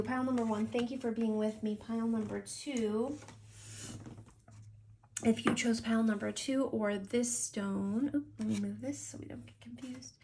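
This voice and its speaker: A woman's voice: on the high side, fairly even intonation, a little slow, creaky, mellow, slight background noise. A woman giving a tarot card reading to camera, talking in a gushing, affectionate way.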